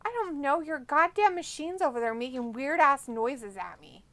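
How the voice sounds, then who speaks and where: Woman streamer, bright higher voice, unhurried, blunt, profane watch-along host. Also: dry recording. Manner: blunt and profane, reading chat aloud; talks to her cat between remarks. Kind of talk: casual watch-along chat.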